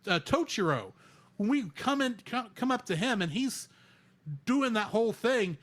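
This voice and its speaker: A man co-hosting a podcast, chatting casually in an animated, rambling way. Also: very high voice, moderate pace. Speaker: podcast co-host. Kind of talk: casual chat.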